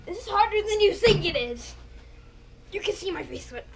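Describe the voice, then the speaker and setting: A young woman with a very high, lively voice talks at a normal pace while making a casual, playful vlog at home, partly outdoors. She jokes around and swings between loud bits and frequent whispers. Music plays clearly in the background, and there's a little hiss or hum on the recording.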